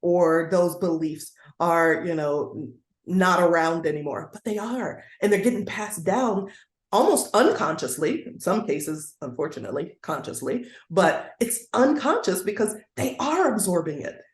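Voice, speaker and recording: A woman's voice: fairly low pitch, lively intonation, measured pace. A woman guest educator speaking earnestly in a conversational interview, now and then acting out the voices she quotes. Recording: roomy echoey sound.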